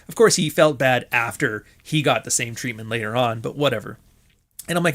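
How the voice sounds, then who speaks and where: A man's voice: mid-range voice, animated, fast, fairly bright tone. Sardonic profane man telling stories. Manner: profane, sardonic, laughs often, acts out quotes. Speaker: podcast host. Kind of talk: casual storytelling monologue.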